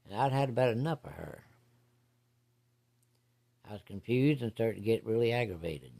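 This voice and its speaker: This man's voice sits on the low side, dark and edged with vocal fry, animated but moderately paced. He's spinning a personal yarn in a casual, blunt, folksy way, swearing as he goes.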